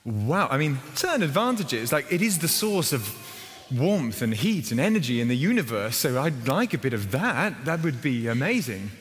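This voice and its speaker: A male pastor giving a conversational sermon, with lively emphasis and wry asides. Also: fairly high pitch. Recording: reverberant hall with faint ambience.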